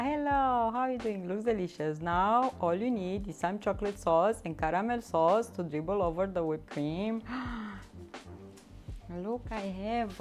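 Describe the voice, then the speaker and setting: A woman hosting a live stream from her home kitchen, chatting and giggling as she answers viewer comments. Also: mid-range voice. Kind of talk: live-stream baking chat. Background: soft background music.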